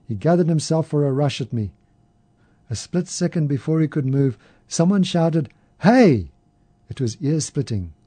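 Male storyteller, mellow and dry, reading steadily. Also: a little high, expressive, normal speed, no room sound. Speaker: narrator. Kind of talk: first-person story reading.

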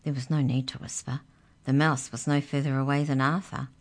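A woman reading a children's story aloud in a gentle, expressive way. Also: a bass voice, a little fast.

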